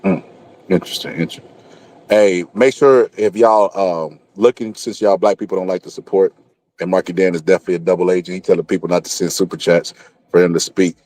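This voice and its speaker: A man hosting a casual online show, teasing his co-host and telling jokes with quick put-on voices. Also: deep voice, steady tone, a little mellow, dry recording. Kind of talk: casual trash-talk banter.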